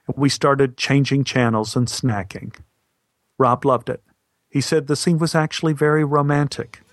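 A middle-aged male actor telling a story in a wry, deadpan way. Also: mid-range voice, moderate pace, dry recording. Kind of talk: storytelling monologue.

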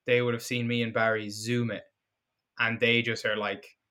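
Blunt, bright-voiced Irish man. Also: medium pitch, level tone, moderate pace. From Ireland. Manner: blunt, joking, swears freely. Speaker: fitness content creator guest. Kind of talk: casual podcast chat.

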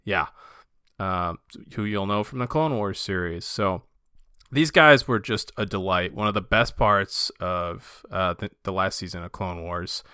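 A man's voice: low-pitched, a little slow, bright, forceful tone, clean tone, no room sound, clean studio sound. A man co-hosting a casual fan podcast, enthusiastic and loose, with lots of fillers and restarts. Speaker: podcast co-host.

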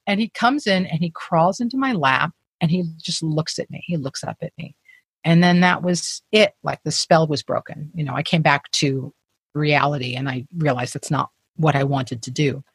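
A woman's voice: sits low, normal speed, breathy edge, dry recording, clean studio sound. A woman guest telling candid, self-deprecating stories in conversation, with frequent profanity.

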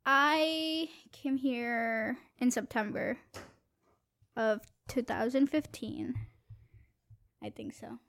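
Young woman telling a halting story. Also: fairly high pitch, vocal fry, a bit bright. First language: not English. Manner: storytelling with many fillers and restarts. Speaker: podcast guest. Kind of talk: casual chat. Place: small studio booth.

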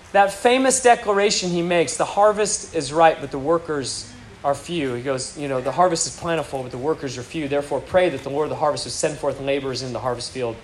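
A man preaching a sermon, telling stories with rising energy and occasional excited shouts. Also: fairly high pitch. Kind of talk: sermon with storytelling. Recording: roomy hall with faint crowd.

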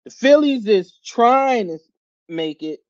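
A podcast host from the Philadelphia area rants casually about his team, animated and laughing, with plenty of slang and swearing. His voice is extremely high-pitched and slow, on a dry, lo-fi recording.

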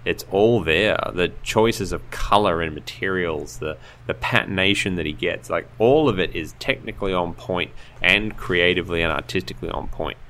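A man co-hosting a podcast, telling a story in animated casual chat and laughing often. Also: low-pitched, moderate pace, few pauses. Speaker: podcast co-host.

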